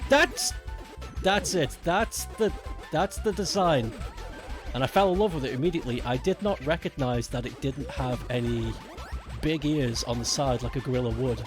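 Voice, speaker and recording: A man chatting casually with his viewers while streaming a game, often laughing. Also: medium pitch. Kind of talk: casual live-stream chat while gaming.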